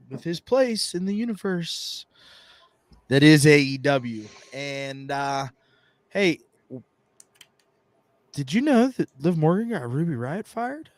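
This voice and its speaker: Lively-voiced man co-hosting a podcast. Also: a little high, dry recording. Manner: joking, ribbing his co-hosts. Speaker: podcast co-host. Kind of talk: casual chat.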